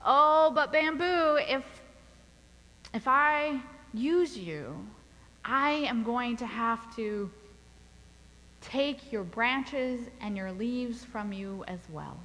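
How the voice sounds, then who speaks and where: A woman voicing a gentle but firm master gardener in a sermon parable, speaking slowly and sorrowfully. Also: on the high side, in a large hall, poor audio. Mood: solemn.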